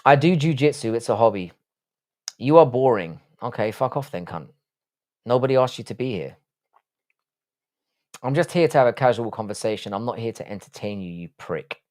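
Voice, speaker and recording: A man's voice: mid-range voice, lively intonation, normal speed, long pauses, darkish tone. A man hosting a casual live stream, reading chat aloud and answering in a blunt, profane way.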